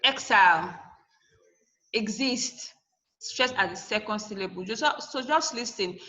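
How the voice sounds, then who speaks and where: A woman's voice: mid-range voice, lively intonation, fairly quick, pushed and bright, poor audio. A woman teacher giving a classroom lesson, asking and answering her own questions and spelling words out letter by letter.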